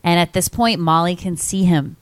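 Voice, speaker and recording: A woman in her thirties with a low, smooth voice, recapping a movie plot as a podcast co-host. She rambles along with lots of fillers. The sound is dry and close. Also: normal speed, no room sound. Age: 30s. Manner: rambling, filler-heavy storytelling. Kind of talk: casual movie recap chat.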